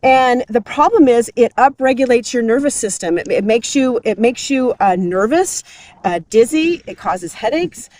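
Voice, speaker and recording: The host is a woman with a fairly high, darkish voice and lively intonation, speaking at normal speed on a dry recording. She gives an upbeat, explanatory health chat outdoors on a hike and laughs readily.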